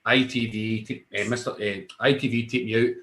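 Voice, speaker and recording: A young Scottish man tells stories in relaxed, profane chat. He gets animated and slips into other people's voices as he recounts what they said. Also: on the low side, a little fast. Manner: animated, swearing, acts out other voices in his anecdotes. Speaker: guest wrestler. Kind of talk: casual storytelling chat.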